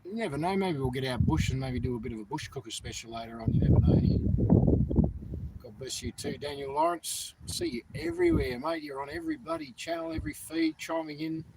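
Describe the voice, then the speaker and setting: An Australian man chatting on a casual livestream, blunt, sarcastic and quick to swear. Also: on the high side, big pitch swings, heavy background noise.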